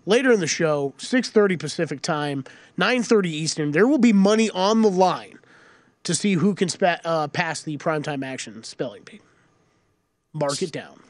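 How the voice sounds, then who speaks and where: A man with a high, lively voice co-hosts a sports betting show. He banters excitably, his pitch swinging around a lot. The sound is close and dry. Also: normal speed, no room sound. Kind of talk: casual sports talk.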